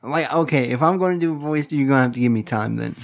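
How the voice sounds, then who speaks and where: A man's voice: medium pitch, quick pace, gravelly. A man co-hosting a board game podcast in casual chat, hesitant with many fillers.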